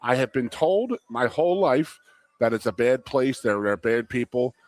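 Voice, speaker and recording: A lively male co-host from Philadelphia chatting on a live talk show. His voice jumps up and down as he tells stories and laughs easily. The sound is dry and close, with no room in it. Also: medium pitch, normal speed, no echo. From Philadelphia area, USA. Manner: animated storyteller, laughing easily. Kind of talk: casual sports talk show chat. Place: restaurant.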